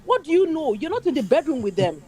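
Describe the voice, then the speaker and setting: A woman's voice: sits high, very animated, quick pace, a crowd in the background. A woman speaking emphatically in casual chat, mimicking other people's voices as she makes her points. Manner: emphatic, acts out quoted people.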